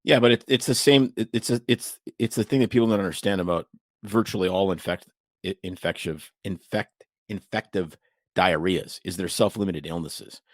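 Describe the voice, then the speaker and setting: Low-voiced man in blunt joking chat. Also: dry recording, clean studio sound. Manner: blunt, joking, quick restarts. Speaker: podcast co-host, doctor. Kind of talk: casual chat over drinks.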